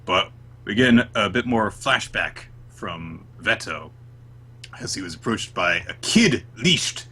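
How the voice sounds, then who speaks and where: A man co-hosting a podcast, recapping chapters in casual chat and jumping into quick voices for the characters. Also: fairly low pitch, slightly rough. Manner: animated, acts out characters' lines in quick put-on voices. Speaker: podcast co-host.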